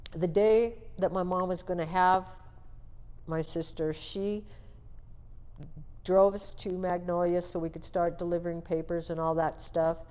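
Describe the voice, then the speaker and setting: A woman's voice: on the low side, darkish tone, clear, resonant tone. Older woman, candid storyteller, reverberant lo-fi. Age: 60s. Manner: candid, plain-spoken storytelling. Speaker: interview guest. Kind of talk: personal life story in an interview. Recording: dull, lo-fi sound with long reverb.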